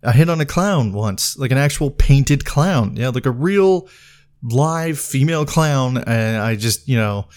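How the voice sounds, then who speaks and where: A man's voice: mid-range voice, lively intonation, measured pace, darkish tone. A man hosting a podcast, telling a rambling, profane anecdote with frequent restarts and bursts of laughter. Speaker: podcast host. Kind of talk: casual storytelling.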